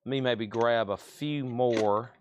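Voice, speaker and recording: A man hosts a live-stream sale of records and cassettes, chatting casually as he names items and prices. His medium-pitched voice is slow, and the background is noisy.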